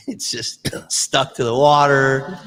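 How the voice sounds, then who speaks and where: A man telling a personal story in casual chat, animated and acting out the people he quotes. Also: medium pitch, extremely slow, in a large hall. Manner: animated, acts out quoted people in raised voices.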